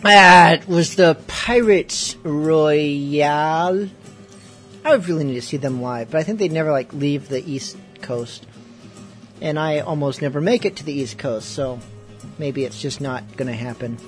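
An unhurried man hosts a late-night pirate radio show, introducing songs in a loose, offhand ramble. His voice sits a little high for a man, and he takes his time, sounding a bit tipsy on rum. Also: fairly bright tone, faint music behind. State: has been drinking rum. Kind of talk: casual rambling talk.

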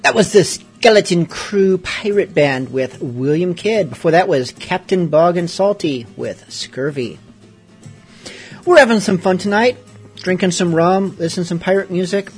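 Male radio host, wry casual patter, fairly high voice, faint guitar music behind. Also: expressive, normal speed, breathy edge. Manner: dry, wry and joking.

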